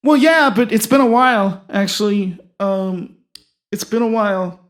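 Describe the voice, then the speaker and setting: A dim, boastful baseball slugger hosting a talk show, as a man puts him on, with a high, loud voice. He talks in a goofy, excitable and crude way, and it is a comedy character sketch. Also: measured pace. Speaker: host.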